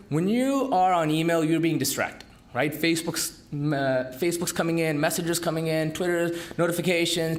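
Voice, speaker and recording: Upbeat male speaker with lively emphasis. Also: on the high side. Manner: lively, emphatic delivery with rhetorical questions. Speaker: entrepreneur speaker. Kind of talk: business talk to an audience. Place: conference room.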